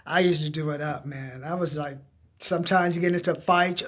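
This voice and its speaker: On the high side and fairly bright, his voice moves little in pitch and keeps a normal speed. This middle-aged man from Southern California shares rambling, frank anecdotes about his past to advise on job searching, now and then drifting into voicing other people.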